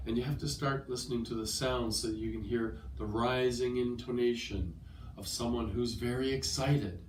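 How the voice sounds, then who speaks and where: Recorded from a distance in a roomy space with slight background noise, a man with a mid-range voice teaches test prep at a language school. He has a cold and patiently walks through listening strategies, often asking "okay?" to check that students follow.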